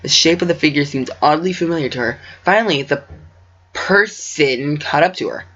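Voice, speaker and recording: A man's voice: a little high, moderate pace, fairly bright tone. A man reading his own story aloud, stumbling over words and breaking off into joking asides. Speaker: amateur story reader. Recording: dull lo-fi recording.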